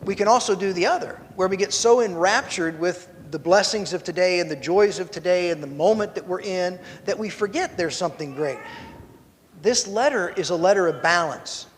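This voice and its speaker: Animated high-voiced man teaching a Bible class. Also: normal speed, long reverb tail, a little hiss or hum. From rural Missouri, USA. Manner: animated storyteller, self-deprecating asides, rises to preachy emphasis. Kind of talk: Bible class lesson with personal stories. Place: church classroom.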